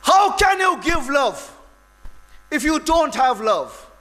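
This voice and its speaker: A man giving a dramatic, emotional inspirational speech to an audience, full of long pauses. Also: extremely high pitch, big pitch swings, sharp tone, rough recording. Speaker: public speaker.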